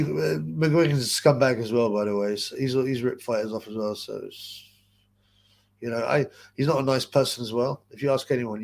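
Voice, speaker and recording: Gravelly, rambling man on a livestream. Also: medium pitch. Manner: rambling, crude and gossipy, with frequent fillers. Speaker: livestream host reading chat comments. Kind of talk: casual livestream chat.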